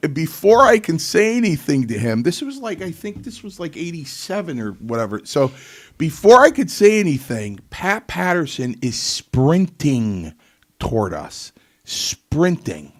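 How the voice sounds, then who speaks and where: Casting note: middle-aged man, animated storyteller, mid-range voice. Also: medium pitch. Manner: animated anecdote-telling, mimics others. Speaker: co-host, former wrestler. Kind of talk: casual storytelling chat.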